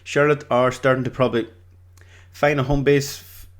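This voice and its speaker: Speaking at a medium pitch with little pitch movement and a normal pace, a man from Ireland gives casual solo commentary on his football predictions. His delivery rambles and hesitates, full of fillers and false starts.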